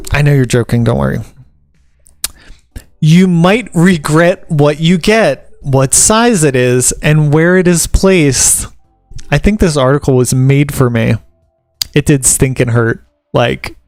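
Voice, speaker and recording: A man from the American South rambles easily and jokes his way through reading points from an article. His voice is smooth and clear, recorded close and dry. Soft music plays faintly behind him. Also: mid-range voice, dry recording. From Southern United States. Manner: rambling and joking, reads article points aloud and riffs on them. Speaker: vlogger and tattoo apprentice. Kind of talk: casual chat to camera.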